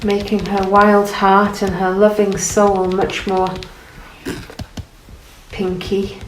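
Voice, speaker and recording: A woman gently guiding an art lesson while she paints, encouraging and thinking aloud. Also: mid-range voice, flat delivery, slow. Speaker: art teacher. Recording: roomy, from off the mic, faint noise.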